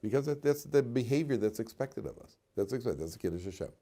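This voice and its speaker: Animated rabbi teaching a class. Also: male voice, mid-range voice, quick pace. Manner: animated storytelling, rhetorical questions, Hebrew terms translated. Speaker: rabbi teaching yeshiva students. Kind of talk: informal Torah class.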